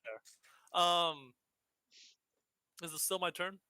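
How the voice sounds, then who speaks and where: A man's voice: high-pitched, very slow, sharp tone, clean tone, dry recording. A man playing a tabletop game, talking hesitantly with lots of ums and casual swearing. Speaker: player.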